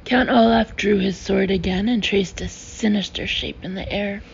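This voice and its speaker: A woman narrates a storybook in a measured way, dropping in wry asides. Her voice is slow, gravelly and dark. The recording is dull with a faint hiss. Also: medium pitch, fairly even intonation. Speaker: audiobook reader.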